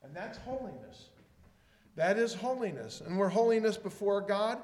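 High-voiced preacher in an echoey hall. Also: male voice, moderate pace. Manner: animated preaching, rising to loud emphasis and dropping to quiet asides. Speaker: pastor. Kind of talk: sermon. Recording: echoey hall with faint room noise.

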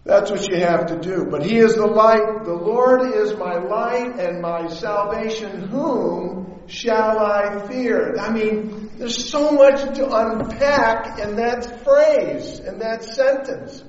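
Man, preacher, slow emphatic scripture quotes, dull lo-fi church recording, roomy reverb. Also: high voice. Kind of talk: sermon. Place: church sanctuary. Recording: echoey hall, dull lo-fi sound.

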